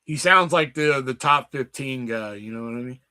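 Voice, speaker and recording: A man's voice: mid-range voice, normal speed, sharp tone, clean tone. A man hosting a casual trivia night stream, joking and swearing freely with friends. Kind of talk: casual chat over a trivia game.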